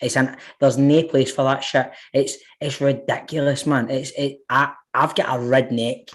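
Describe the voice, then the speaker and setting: A man's voice: mid-range voice, fairly even intonation, normal speed. A man on a football podcast panel, talking bluntly and heatedly with plenty of swearing. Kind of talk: casual football podcast chat.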